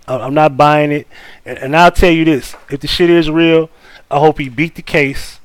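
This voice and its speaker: A man's voice: a little high, moderate pace, no echo. A man hosting a live stream, giving blunt, profane, casual commentary and talking straight to his chat. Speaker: livestream host.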